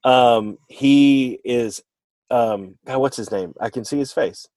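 A man's voice: medium pitch, takes it slowly, darkish tone, no room sound. Rambling man in casual chat. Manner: rambling, self-correcting, playful. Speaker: podcast co-host.

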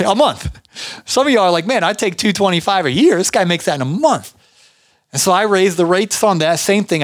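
A man's voice: on the high side, dry recording, clean studio sound. A middle-aged man, hosting a podcast and giving casual business advice in a rambling, chatty way with many restarts. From Georgia, US. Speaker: podcast host.

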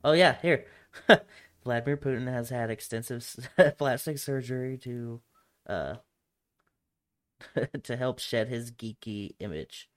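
A young man chats loosely on a podcast, swearing freely and laughing between his rambling thoughts. His voice sits at an ordinary middle pitch. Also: unhurried, pauses often, fairly bright tone. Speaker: podcast co-host. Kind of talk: casual chat.

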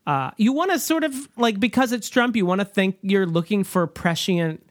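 A podcast co-host in casual movie review chat, talking with many fillers and restarts and slipping into quick mock voices when quoting. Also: medium pitch, animated, no echo, studio quality. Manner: chatty, lots of fillers and restarts.

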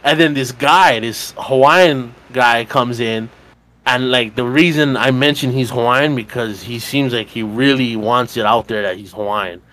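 A man's voice: medium pitch, a little slow, a bit bright. Young man rambling through a bar story. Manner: rambling, profane, filler-heavy retelling with laughs. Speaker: podcast co-host. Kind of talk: casual chat storytelling.

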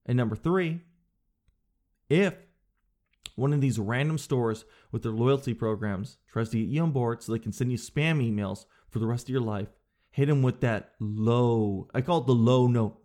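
Animated man doing a comic monologue. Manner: animated storytelling, acting out clerks in a high voice; drops low and slow to demonstrate a flat no. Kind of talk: comedic monologue.

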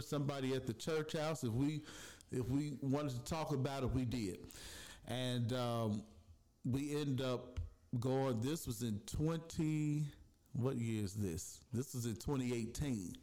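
A man's voice: medium pitch, a little slow, warm tone. A man casually telling the story of how his podcast started, chatty and loose, with fillers and voiced asides. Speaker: podcast host.

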